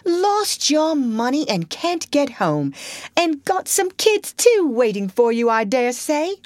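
A woman's voice: sits high, sing-song, takes it slowly, darkish tone, dry recording, studio quality, voice pushed up, full character voice. A woman voicing a burly, kindly middle-aged male engine driver with a homely, folksy way of talking in a storybook reading.

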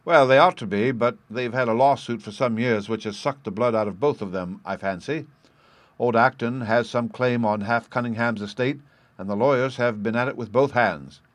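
A man voicing a hearty older country colonel who speaks briskly and matter-of-factly, in an audiobook reading. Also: mid-range voice, no room sound, close to an everyday voice. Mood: bluff.

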